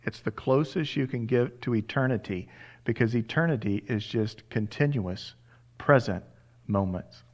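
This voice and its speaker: A man's voice: mid-range voice, unhurried, a little mellow, highs cut off. Pastor type, male, mid-range voice, encouraging, thanks each speaker in a church hall. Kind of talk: leading a church service. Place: church sanctuary.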